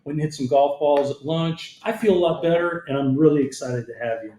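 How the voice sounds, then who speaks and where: A man's voice: fairly high pitch, a little fast, mellow. A man hosting a podcast, chatting in a friendly, conversational way and reading out his guest's background. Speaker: podcast host. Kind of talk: casual podcast interview. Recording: roomy echo.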